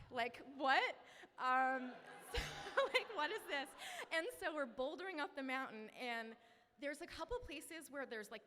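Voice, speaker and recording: A woman's voice: fairly high pitch, fairly bright tone, in a large hall. A woman in her thirties from Maine, telling a personal story to a live audience in a chatty, self-deprecating way. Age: 30s. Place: live event venue.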